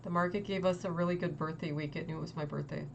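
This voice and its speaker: A young woman hosting a trading livestream, talking casually and quickly to her chat with lots of "like" and exasperated asides. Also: sits low, steady tone, creaky, dull audio, a little hiss or hum. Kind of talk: casual market commentary to chat.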